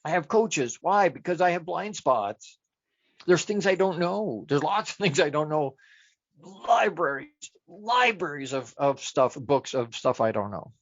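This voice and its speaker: A man's voice: on the high side, lively intonation, a little slow, dry recording. Dull lo-fi recording of a chatty male coach. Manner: asks rhetorical questions and answers them himself; chatty and self-deprecating. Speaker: life coach. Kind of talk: motivational talk.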